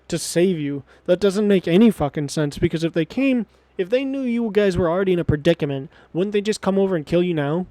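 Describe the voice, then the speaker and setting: A man's voice: high-pitched, animated, moderate pace, few pauses, mellow, no echo. A man giving profane, exasperated let's play commentary on a game. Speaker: game streamer.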